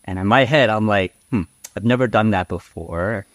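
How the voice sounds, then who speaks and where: Man, fairly low voice, casual storytelling, chatty, frank, lots of fillers, dry close sound. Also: moderate pace, dry recording. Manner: chatty, rambling with fillers and tag questions; frank, outspoken. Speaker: podcast guest.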